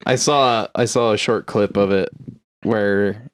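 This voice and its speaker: A man's voice: on the low side, fairly even intonation, slow. Joking man telling a story. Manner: jokey, acts out quoted characters. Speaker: podcast co-host. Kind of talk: casual chat.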